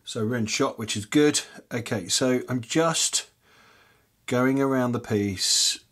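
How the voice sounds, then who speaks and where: A man hosting a casual miniature-painting tutorial, rambling with lots of fillers and muttering softly to himself as he paints, chewing peanuts as he talks. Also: mid-range voice, takes it slowly. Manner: rambling, chatty, many fillers; chewing peanuts while talking. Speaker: miniature painting hobby channel host.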